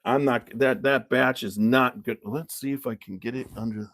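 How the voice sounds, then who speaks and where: A man's voice: mid-range voice, steady tone, normal speed, fairly bright tone. A man hosting a casual bourbon tasting chat, telling stories in a loose, rambling way. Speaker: whiskey reviewer, show host.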